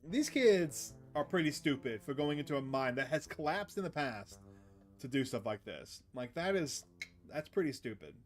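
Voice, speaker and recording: Male streamer, playful, chatty, higher voice, soft music underneath. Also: sing-song, moderate pace. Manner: playful, jokey asides to chat. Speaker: streamer reading a visual novel aloud. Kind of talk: casual let's-play narration with character reading.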